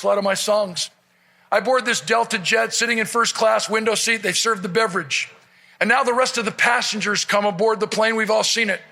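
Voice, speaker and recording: A high-pitched man with a rough, gravelly edge and a bright, forceful tone delivers a funny motivational keynote on stage. He tells stories to a live crowd and acts out the voices of the people in them. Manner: animated, acts out quoted voices. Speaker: motivational speaker. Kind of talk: humorous storytelling keynote. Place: event stage before a live audience.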